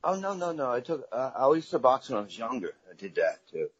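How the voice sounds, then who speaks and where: A man's voice: mid-range voice, very animated, quick pace. A middle-aged man from Staten Island, a guest comedian telling rambling, profane anecdotes in a casual podcast chat. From Staten Island, New York. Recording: dull lo-fi sound.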